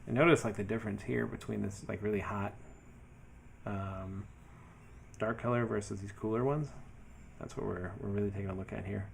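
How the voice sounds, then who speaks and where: A man talking casually through his design work as he goes, thinking aloud in a relaxed way with many fillers. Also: on the low side, normal speed, creaky, pauses often, slight background noise. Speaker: web developer building his portfolio. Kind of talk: casual screen-share commentary.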